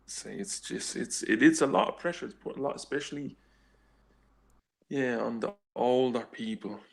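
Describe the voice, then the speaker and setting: Gravelly Dublin man, rambling. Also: mid-range voice. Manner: rambling, halting, with many restarts. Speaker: panelist. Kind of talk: casual chat.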